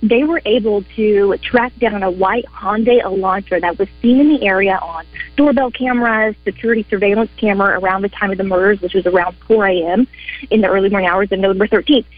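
A woman's voice: mid-range voice, steady tone, brisk, no echo, faint music behind. A woman, a court correspondent and attorney, energetically explaining a case on a radio show. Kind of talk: live news report on radio. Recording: dull lo-fi broadcast sound.

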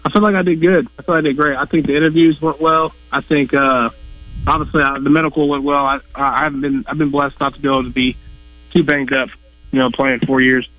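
A man's voice: medium pitch, level tone, no room sound. Young male guest on a tinny phone line. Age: young adult. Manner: plain-spoken, halting. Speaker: football player guest. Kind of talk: phone interview.

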